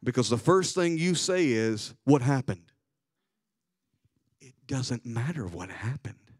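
A man preaching a sermon as a bishop, telling a story and swinging from hushed asides to loud, excited passages. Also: medium pitch, takes it slowly, no room sound, studio quality.

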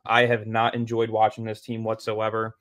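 Brief: male podcast guest, blunt and opinionated, flat delivery. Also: on the low side, moderate pace, no room sound. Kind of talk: casual debate chat.

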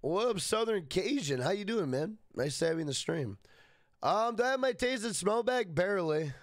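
A man's voice: high voice, expressive, moderate pace, no echo, clean studio sound. A man casually live-streaming a game, greeting chatters by name and swearing freely.

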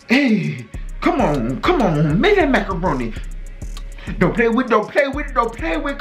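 A vlogger from North Carolina, with a North Carolina accent, reacting loudly and excitedly to cooking videos, often exclaiming and breaking into song. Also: mid-range voice, unhurried, soft background music. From North Carolina, USA. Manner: loud, exclaiming, breaks into singing and shouts.

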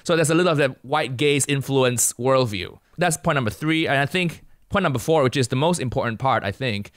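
A man's voice: mid-range voice, brisk, dry recording, studio quality. A young man from Asia, a comedian and guest on a casual podcast, laying out his view point by point. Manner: lays out his argument point by point.

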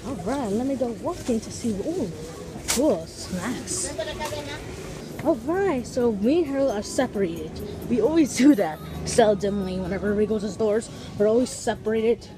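Chatty higher-voiced woman vlogging outdoors. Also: animated, a little slow, over music. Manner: chatty, piles on big vocabulary words; talks to viewers while walking. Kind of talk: casual walking vlog. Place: outdoors on streets and in a park.

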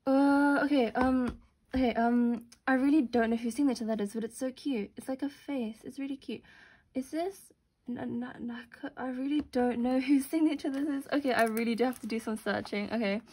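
A young woman doing casual unboxing commentary, gushing and gasping with excitement over what she pulls. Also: sits high, normal speed, slightly rough. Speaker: unboxing vlogger.

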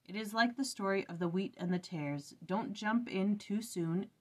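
A woman's voice: mid-range voice, moderate pace. A woman hosting an early-morning scripture study, chatting casually and thinking aloud as she reflects.

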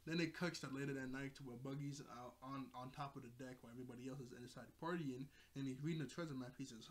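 A man's voice: medium pitch, steady tone, fast, few pauses. A man casually recapping an anime episode, rambling, laughing often and correcting himself mid-sentence. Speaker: anime reviewer.

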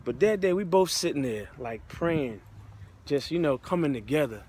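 A man's voice: on the high side, animated, normal speed, darkish tone, a little hiss or hum. A man speaker telling his own testimony in a casual, heartfelt way, with loose slang. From United States. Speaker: motivational speaker. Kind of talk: personal testimony storytelling.

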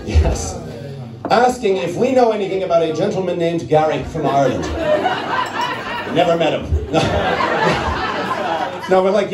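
A man's voice: fairly high pitch, animated, moderate pace, long pauses, noisy background. Guy doing stand-up w an american accent, keeps saying right?, crowd laughing, echoey far-off sound. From Netherlands. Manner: conversational, keeps tagging lines with "right?". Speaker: stand-up comedian. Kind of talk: stand-up storytelling. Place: comedy club stage. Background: audience laughter.

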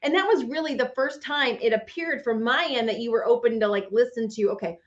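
A woman's voice: a little high, brisk, lo-fi sound. A woman host talking with a friend in a casual, empathetic interview chat. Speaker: podcast host.

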